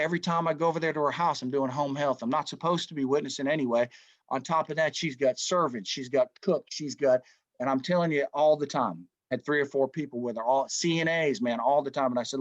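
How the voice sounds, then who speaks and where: A man's voice: medium pitch, fairly quick, dry recording. Casual man teaching a Bible study. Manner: conversational, animated storytelling, says "man" often. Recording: dull dry lo-fi recording.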